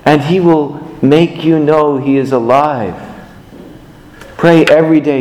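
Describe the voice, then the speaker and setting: A man giving a sermon in an earnest, measured way, repeating lines of prayer. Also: on the high side, steady tone, darkish tone, roomy sound, in a large hall, low-quality recording.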